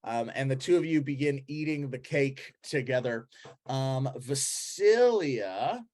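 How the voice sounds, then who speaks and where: A man narrating a tabletop game as game master, pausing often with ums and uhs. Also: medium pitch, animated, darkish tone.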